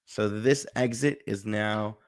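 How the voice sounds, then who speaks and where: A man's voice: lowish voice, steady tone, slow, clear, resonant tone. A man hosting a live solo board game playthrough, chatting and thinking aloud as he plays, now and then acting out short lines for the characters. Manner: chatty, thinks aloud, acts out little bits.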